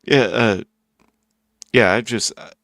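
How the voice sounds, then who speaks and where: A man's voice: medium pitch, slow, fairly bright tone, no echo. A man hosting a casual open panel stream, talking in a laid-back way and laughing often. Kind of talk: casual chat.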